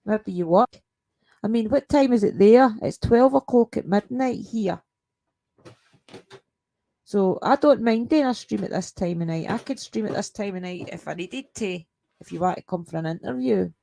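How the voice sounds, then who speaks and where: A woman's voice: mid-range voice, moderate pace, creaky, mellow. A Scottish woman hosting a paranormal live stream from home at night, chatting casually with her viewers, laughing often and greeting them by name.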